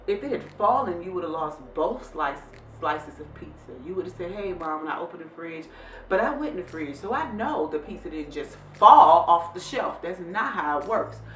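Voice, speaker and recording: A woman's voice: on the low side, moderate pace, a little hiss or hum. A woman hosting a casual vlog, telling viewers a story and acting out how she scolded her son. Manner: animated, scolding retelling. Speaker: vlog host. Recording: echoey room, distant mic, faint music.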